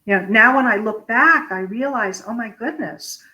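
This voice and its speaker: A woman hosting an interview, asking gentle, careful questions with restarts. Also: on the high side, moderate pace, low-quality recording. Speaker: interview host. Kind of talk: interviewing a guest.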